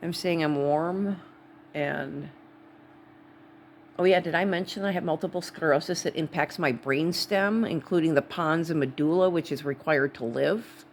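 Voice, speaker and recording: A woman's voice: deep voice, unhurried, a little hiss or hum. A woman from Wisconsin with a Wisconsin accent, talking to camera in a rambling, digressive vlog. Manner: rambling, digressive, full of asides. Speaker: vlogger. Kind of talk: casual rambling monologue.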